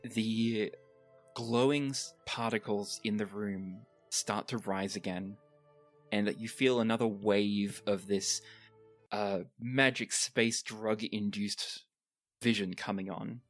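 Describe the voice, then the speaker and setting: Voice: medium pitch, steady tone, takes it slowly, soft background music. A game master narrating a tabletop game scene to the players.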